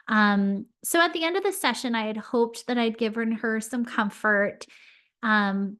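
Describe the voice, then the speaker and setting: A woman's voice: fairly high pitch, a bit bright. Earnest, heartfelt woman podcaster. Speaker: podcast host and spiritual medium. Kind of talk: personal storytelling on a podcast.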